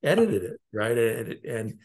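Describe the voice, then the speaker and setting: A middle-aged man from Alaska, a lawyer and interview guest, telling stories in a halting, rambling way with chuckling asides. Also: medium pitch, big pitch swings, gravelly, darkish tone, husky. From Alaska, United States. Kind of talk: casual interview conversation.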